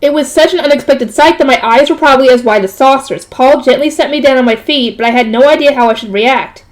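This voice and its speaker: A woman's voice: sits high, quick pace. A woman reading a light novel aloud, stopping often to add casual jokey comments. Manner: breaks off to comment and joke. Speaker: reader.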